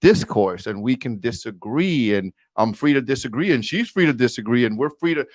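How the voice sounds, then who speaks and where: A man's voice: medium pitch, lively intonation, normal speed, dry recording. A man in his forties, a podcast guest, telling a personal story in an earnest, emphatic way and speaking directly to the host. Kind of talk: candid storytelling interview.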